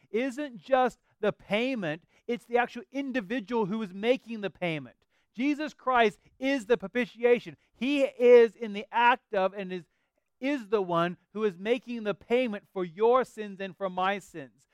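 A man's voice: high-pitched, clear, resonant tone, no room sound. A middle-aged man preaching a sermon as a pastor, earnest and conversational with emphatic rises.

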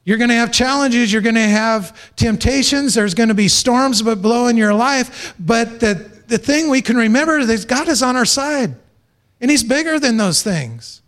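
A man's voice: extremely high pitch, expressive, moderate pace, a bit bright. A man preaching a sermon as pastor, emphatic, stressing points through repeated phrases and joking lightly with the congregation.

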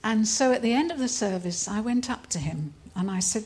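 A woman's voice: a little high, lively intonation, a little fast, a little mellow. An older woman from England telling her testimony at a conference, earnest and often laughing as she speaks. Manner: earnest storytelling, breaks into laughter. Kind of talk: testimony talk.

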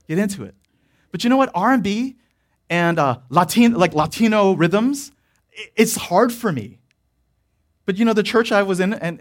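A man preaching a sermon in a casual, rambling storytelling way, full of fillers and breaking into laughter. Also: sits high. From Korean church background. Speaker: pastor.

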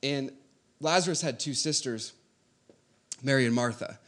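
A man preaching a sermon, moving between quiet conversational teaching and loud, rising exhortation. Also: medium pitch, a little slow.

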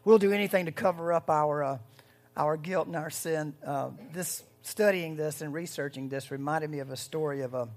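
A pastor giving a conversational sermon, swinging between loud, rising bursts and hushed moments. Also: mid-range voice, moderate pace.

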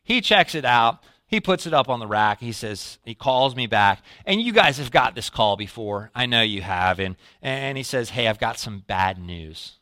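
A man giving a sermon in a relaxed storytelling way, his voice bright and forward. He sometimes sinks low and soft to act out his own reactions. The sound is close and dry, with no room echo. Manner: storytelling, drops to a low quiet voice when quoting himself. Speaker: pastor.

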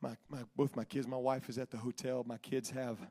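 A male preacher delivering a sermon, swinging between shouted exhortation and hushed, drawn-out lines. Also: medium pitch, little pitch movement.

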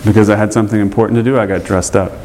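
A man preaching a sermon to his congregation in short phrases, pausing so an interpreter can translate, earnest and repetitive. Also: fairly low pitch, steady tone, a little mellow, a little hiss or hum, rough recording. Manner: earnest, repeats himself, pauses for translation. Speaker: pastor. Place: church hall with congregation.

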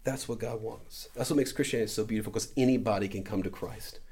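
A man's voice: on the low side, fast, darkish tone, slightly rough. A man preaching as a pastor in a conversational way, often adding "right?" as he goes. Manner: conversational, with frequent "right?" tags. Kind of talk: sermon.

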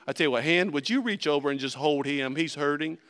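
A man preaching a sermon, folksy and animated, swinging between loud emphasis and hushed asides. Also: fairly high pitch, fast. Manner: animated, folksy, acts out little voices. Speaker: pastor.

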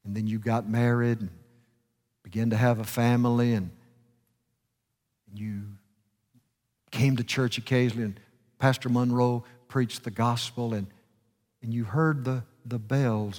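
A man's voice: mid-range voice, steady tone, measured pace, long pauses, darkish tone. A male preacher delivering a fervent sermon and telling a story, his voice swelling and dropping for emphasis. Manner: fervent, rising and falling for emphasis. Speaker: guest preacher. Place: church sanctuary. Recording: reverberant church hall.

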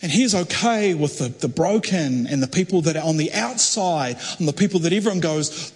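A man preaching, telling a story in a conversational sermon style with halting restarts that builds to fervent emphasis. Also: a little high, lively intonation, breathy edge. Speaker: pastor. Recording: long hall reverb.

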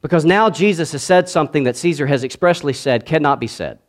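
Male pastor with a higher voice; preaches in swells from loud to hushed, prompts the congregation to respond. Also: fast. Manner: swings between loud declaiming and quiet asides; calls on the congregation to answer back. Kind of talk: sermon.

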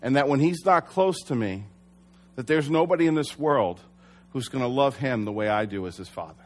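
A man's voice: mid-range voice, lively intonation, fairly quick. Earnest, conversational male preacher. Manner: conversational, earnest, with self-corrections. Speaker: pastor. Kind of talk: sermon.

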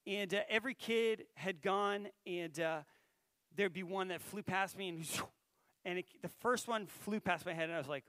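A man's voice: high voice, moderate pace, bright, forceful tone, no room sound. A man giving a conversational sermon, telling a story and putting questions to his listeners. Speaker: pastor.

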